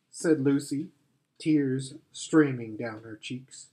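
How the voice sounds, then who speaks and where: Man reading a kids book aloud, slow and careful, voice a bit on the high side. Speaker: audiobook reader. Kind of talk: scripted story narration.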